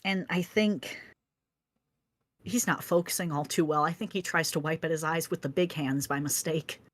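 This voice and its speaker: A woman narrating her character's actions softly and hesitantly in a tabletop game. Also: low-pitched, steady tone, no echo. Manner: slow, soft, hesitant. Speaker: player.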